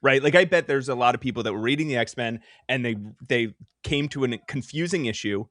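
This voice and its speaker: A man's voice: mid-range voice, a little fast, fairly bright tone, no echo, studio quality. A man co-hosting a podcast in a playful, casual chat, laughing often. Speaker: podcast co-host.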